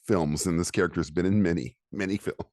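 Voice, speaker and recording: A man's voice: low voice, fairly quick, darkish tone. A man co-hosting a podcast, chatting casually, laughing often and quizzing his friend. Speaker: podcast co-host. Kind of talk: casual chat.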